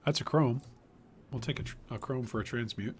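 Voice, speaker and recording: Male streamer, mid-pitched, thinking aloud while he plays, voice wearing thin, faint hum in the background. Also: fairly quick. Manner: thinking aloud, trailing off, frequent restarts. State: losing his voice. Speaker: gaming streamer. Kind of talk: casual live-stream commentary while playing.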